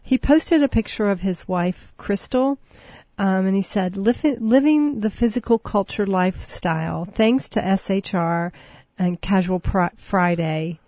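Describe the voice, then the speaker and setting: A woman's voice: medium pitch, unhurried, mellow, no room sound, studio quality. A woman co-hosting a podcast in casual chat, easygoing, reading listener messages. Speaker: podcast co-host.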